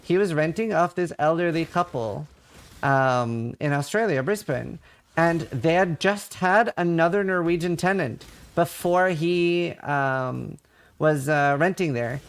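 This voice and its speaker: A man in his thirties from Norway, streaming a game and chatting loosely with his viewers. His voice is gravelly and sits a little high, and he reads their questions aloud and swears in passing. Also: lively intonation, a little slow. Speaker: livestreamer. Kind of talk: casual chat with viewers while gaming.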